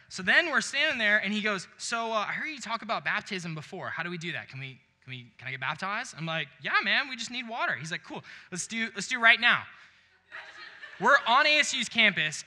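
A man's voice: a little high, sharp tone. A young man preaching a sermon, telling a story with acted-out quotes and laughing along. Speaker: pastor. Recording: long hall reverb.

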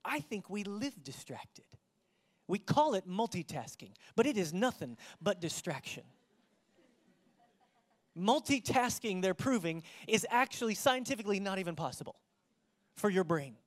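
A pastor delivers a sermon to a congregation in a church, with a voice pitched in the middle range. The delivery swings between loud, emphatic passages and hushed, almost whispered lines. The preacher keeps drawing the room in with direct questions. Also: sing-song, normal speed. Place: church before a live congregation.

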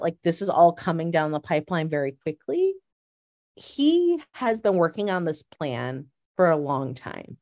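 A woman in casual fan chat, an animated storyteller who laughs often and fills her talk with "like.". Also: on the low side. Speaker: podcast co-host.

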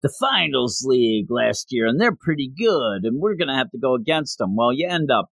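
Animated man retelling a story. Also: medium pitch, creaky, no room sound. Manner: animated storytelling, acting out characters' lines in quick voices. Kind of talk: casual chat recapping a basketball anime.

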